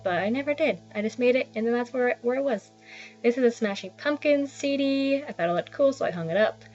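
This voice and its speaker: A young woman casually narrating a tour of her small basement apartment, chatty and self-deprecating with rambling asides. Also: medium pitch. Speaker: vlogger giving a home tour. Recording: slightly dull lo-fi sound with faint background music.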